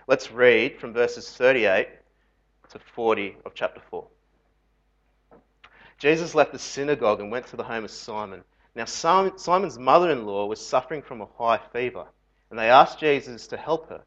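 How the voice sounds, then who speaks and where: A man giving a lively, jokey sermon to a youth group, full of rhetorical questions. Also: medium pitch. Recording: dull lo-fi recording.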